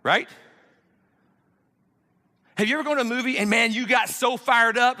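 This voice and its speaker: A pastor in his fifties raises his extremely high-pitched, pushed, bright voice in a church sanctuary, where long hall reverb fills the recording. He preaches at a normal speed with frequent pauses, conversational but emphatic, posing rhetorical question after rhetorical question.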